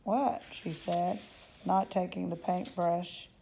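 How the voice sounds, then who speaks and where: A woman reading a children's novel aloud, lifting her voice for the young narrator's excited thoughts. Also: fairly low pitch, normal speed, vocal fry, slight background noise, poor audio. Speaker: audiobook reader.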